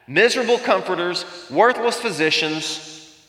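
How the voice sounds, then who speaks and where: A man preaching a sermon as pastor, animated and full of rhetorical questions to the congregation. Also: high voice, a little slow. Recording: echoey hall.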